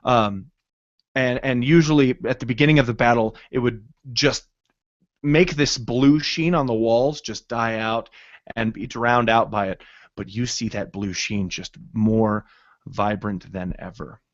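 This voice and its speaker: A man narrating a tabletop game as game master, in a halting way with many fillers. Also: medium pitch, fairly even intonation, no echo, muffled recording.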